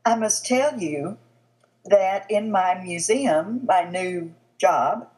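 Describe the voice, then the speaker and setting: A woman hosting a talk show, interviewing a guest and thanking him warmly and graciously. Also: medium pitch, animated, slow, low-quality recording. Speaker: radio show host. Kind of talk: interview conversation.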